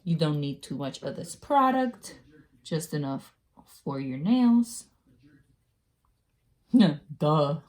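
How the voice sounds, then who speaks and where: Woman, low mellow voice, casual chatty how-to vlogger who pokes fun at herself. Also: big pitch swings, slow pace. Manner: chatty and self-mocking, laughs at herself. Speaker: beauty vlogger. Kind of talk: casual nail-care tutorial.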